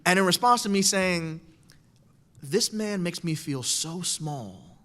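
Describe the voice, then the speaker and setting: Slow and high-voiced, a middle-aged man addresses an audience in a reverberant lecture hall, telling a wry personal story with animation and quoted voices as part of his talk.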